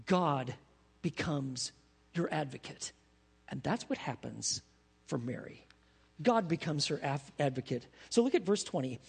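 A man preaching a sermon as pastor, animated, asking his congregation questions as he teaches. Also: on the high side, unhurried, creaky, husky. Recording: long reverb of a large hall.

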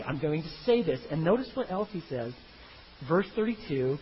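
A man preaching a sermon, animated, acting out the story in voices of its figures. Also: fairly high pitch, fast talker, husky, muffled recording. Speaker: pastor.

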